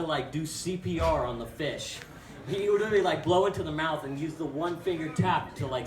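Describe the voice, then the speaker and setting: Young male stand-up, slightly high-pitched, rambling and self-mocking; recorded distant and echoey over a crowd. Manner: rambling, filler-heavy, self-mocking delivery. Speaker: stand-up comic. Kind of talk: stand-up storytelling. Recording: echoey room from far off with crowd.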